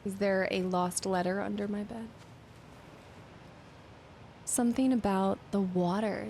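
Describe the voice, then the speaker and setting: Young woman game streamer, slow drawl with vocal fry, faint background hiss. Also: medium pitch, steady tone, darkish tone. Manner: musing aloud, reading in-game notes, dropping to whispers. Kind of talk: let's-play commentary.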